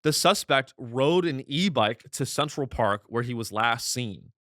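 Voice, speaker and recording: A man's voice: mid-range voice, lively intonation, measured pace, a bit bright, dry recording, studio quality. A man hosting a comedy show, delivering a rambling, sardonic monologue reacting to the news. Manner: rambling, sardonic, restarts mid-sentence.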